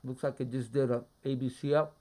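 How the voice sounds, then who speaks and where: A man streaming a live trading session, muttering his thoughts aloud in a low-key, halting way. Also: flat delivery, a little mellow. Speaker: day trader streaming a live trading room. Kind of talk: casual live market commentary.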